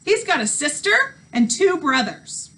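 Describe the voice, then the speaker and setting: A woman's voice: high-pitched, sing-song, a little slow, fairly bright tone, pitched above the performer's own voice, exaggerated voice. A woman voicing a chatty, knowing young girl in a read-aloud storybook.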